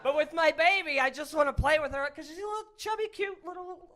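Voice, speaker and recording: A man doing a stand-up comedy set, animated and often yelling in put-on voices. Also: extremely high pitch, fast. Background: audience in a club.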